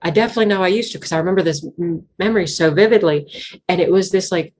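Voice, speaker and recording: Young Appalachian woman, low register, Southwest Virginia accent; casual, earnest interview talk, filler-heavy. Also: fast talker, darkish tone, slight background noise. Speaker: interview guest, banjo musician.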